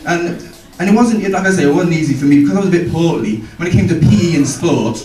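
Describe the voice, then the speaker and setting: A young man doing stand-up, telling school stories in an animated way, swearing freely and jumping into character voices. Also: on the high side, fast talker. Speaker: stand-up comedian. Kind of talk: stand-up storytelling. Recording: roomy, distant, noisy stage recording.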